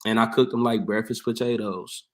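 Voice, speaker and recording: A young man, a barber and home cook, talking casually as an interview guest, laid-back and laughing often, getting animated when he quotes people. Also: lowish voice, normal speed. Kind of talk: casual conversational storytelling.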